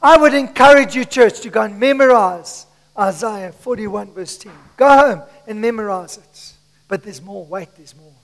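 High-voiced impassioned male preacher. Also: normal speed, in a large hall. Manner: impassioned preaching, shifting between shouts and hushed asides. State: voice strained from shouting. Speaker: pastor. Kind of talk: sermon. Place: church. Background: congregation.

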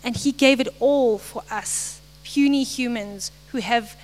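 A woman's voice: on the high side, a little hiss or hum, low-quality recording. Earnest young woman giving a devotional. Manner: earnest, halting, apologetic. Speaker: lay speaker. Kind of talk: short devotional message.

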